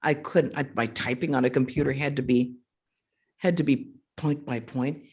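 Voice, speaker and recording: A woman, a monastic speaker, telling stories to a retreat audience and answering questions, animated, acting out the voices of others and laughing often. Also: a bass voice, normal speed, husky. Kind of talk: storytelling talk with audience questions.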